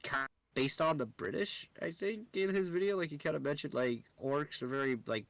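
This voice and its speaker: A man's voice: on the high side, fairly quick, creaky, a bit bright, no echo. A man co-hosting a casual stream chat, hedging with lots of fillers. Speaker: co-host.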